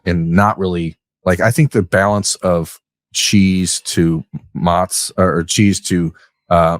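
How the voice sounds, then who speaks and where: Low-voiced man, rambling podcast chat. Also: no echo, studio quality. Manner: rambling, hesitant with many restarts. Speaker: podcast guest.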